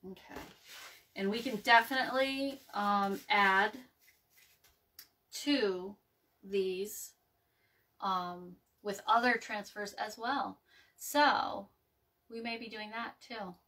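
Chatty rambling woman, bright off-mic voice. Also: mid-range voice, slow pace, pauses often, far from the mic. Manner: chatty, rambling, many ums and restarts. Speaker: craft video host. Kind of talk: casual live craft chat. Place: home craft table, indoors.

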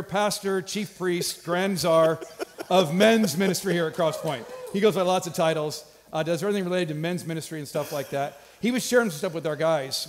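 Upbeat pastor in an echoing church. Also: male voice, a little high. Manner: upbeat, joking. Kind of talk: church announcements and introduction. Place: large church hall. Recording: hall reverb from a church stage.

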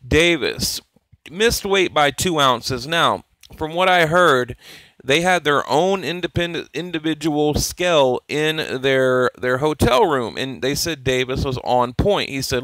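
A man's voice: a little high, unhurried, fairly bright tone, no room sound, rough recording. A man hosting a boxing channel, chatting casually and rambling with lots of fillers. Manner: rambling, laid-back, many fillers, chuckles. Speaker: boxing YouTube host. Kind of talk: casual fight commentary.

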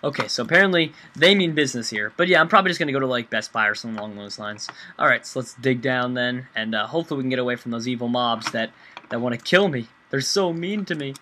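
Young guy doing let's play commentary, bright punchy voice, rambles and jokes about himself, cusses when things go wrong. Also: medium pitch, quick pace, slight background noise. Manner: rambling, self-mocking, swears when panicked. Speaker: gaming channel host.

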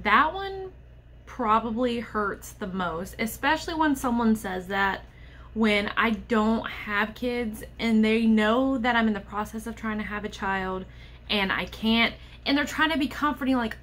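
A young woman sits and vents to her camera in a candid personal vlog. Her voice sits a little high and comes out frustrated and worked up, yet she stays open and direct. She talks from home in a plain, unscripted monologue. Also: unhurried, fairly bright tone. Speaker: vlogger.

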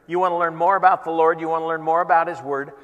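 A man's voice: on the high side, fairly even intonation, quick pace, a bit bright. A male pastor preaching at a church worship service in an earnest, conversational storytelling manner. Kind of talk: sermon. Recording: long reverb in a church hall.

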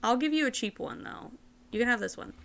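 A woman's voice: fairly high pitch, expressive, fairly quick, gravelly, fairly bright tone. A woman streamer chatting casually while she plays a game, giggling often and sometimes slipping into a playful put-on accent-like voice. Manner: talks to chat and other players while playing. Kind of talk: casual live gaming chat.

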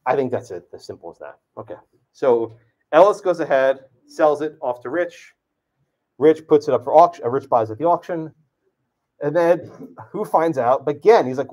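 Lively male professor in an echoey classroom. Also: on the high side, moderate pace. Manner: lively, casual, calls on students by name. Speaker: law professor. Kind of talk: classroom lecture with questions to students. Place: lecture classroom. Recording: distant, echoey, dull classroom recording.

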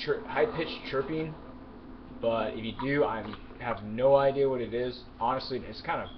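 An excitable male gamer talks over his play, yelling and swearing at characters one moment and muttering to himself the next. His voice sits at an ordinary middle pitch. The home mic sounds muffled and lo-fi, with clear noise underneath. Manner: mumbling asides while looting. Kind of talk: let's play commentary.

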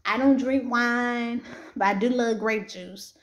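A woman's voice: on the high side, fairly even intonation, slow pace. Chatty woman talking to viewers. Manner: chatty, talks to viewers as y'all, frequent fillers and restarts. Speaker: Christian romance author vlogging. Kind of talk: casual chat. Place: bedroom at home.

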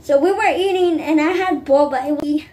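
A woman's voice: sits high, moderate pace, dark tone. A woman vlogger chatting casually to camera, rambling with many fillers and asides about her weekend.

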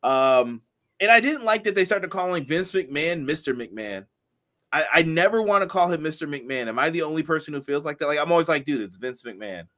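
A man's voice: a little high, lively intonation, fairly quick, fairly bright tone. Laughing man reviewing old wrestling. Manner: laughs often, reads out viewer comments. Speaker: podcast co-host. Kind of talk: casual chat.

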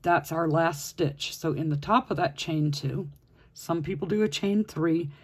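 In an unhurried step-by-step tutorial, a crochet instructor patiently counts stitches aloud. The voice is mid-range and slightly husky.

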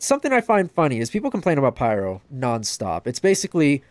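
A man casually commenting on a game livestream and reading chat aloud, joking at his own expense and yelping out loud during play. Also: fast. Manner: excitable, bursts into high yelps during play; self-deprecating, joking. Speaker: gaming livestreamer.

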